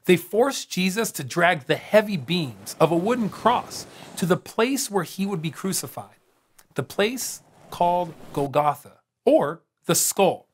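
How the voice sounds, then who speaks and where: A man narrating a scripted children's Bible story in an expressive way, with dramatic pauses. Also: high voice, a little hiss or hum. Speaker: storyteller on a kids' show.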